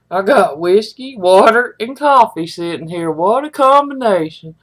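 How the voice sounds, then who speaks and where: This livestream host, a middle-aged woman, speaks in an expressive mid-range voice without hurrying. She keeps up a folksy, meandering chat with the people tuned in.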